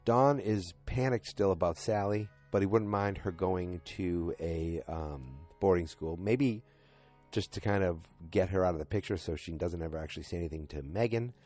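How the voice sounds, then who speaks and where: A man's voice: low voice, moderate pace, a little mellow, faint music behind. A man hosting a casual podcast recap of a TV episode, retelling scenes in a rambling way full of fillers and "he's like" quotes.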